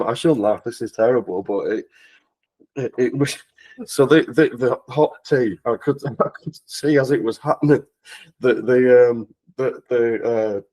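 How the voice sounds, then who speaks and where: A man's voice: medium pitch, darkish tone, low-quality recording. A man telling a personal story on a charity livestream, laughing often and restarting his sentences. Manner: laughs through the story, with frequent restarts and stumbles. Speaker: guest speaker on a charity talkathon livestream. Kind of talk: casual anecdote storytelling.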